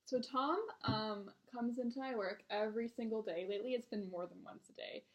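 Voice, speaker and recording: A woman's voice: fairly high pitch, fairly even intonation, a little fast. Blunt young woman venting. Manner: blunt, frequent swearing, exasperated. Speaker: restaurant server vlogger. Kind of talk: casual venting storytime.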